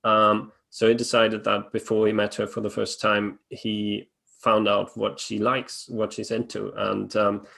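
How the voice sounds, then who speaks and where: A man's voice: fairly low pitch, monotone, a little slow, gravelly, pushed and bright. A man hosting a webinar, talking casually with many fillers and restarts. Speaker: webinar host.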